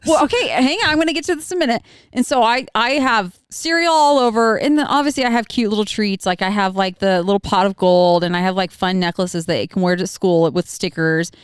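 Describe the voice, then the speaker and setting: A woman's voice: mid-range voice, a little fast, smooth, dry recording, clean studio sound. A woman co-hosting a podcast, chatting casually about her kids, rambling and laughing often. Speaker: podcast co-host. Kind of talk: casual chat.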